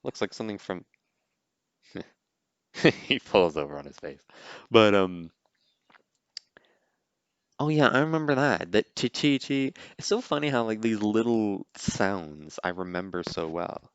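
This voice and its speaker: A man's voice: on the low side, big pitch swings, measured pace, pauses often, clean tone, no room sound, muffled recording. A man hosting a podcast, giving a casual, rambling reaction commentary on a movie, with lots of "like" and "you know.". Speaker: podcast host.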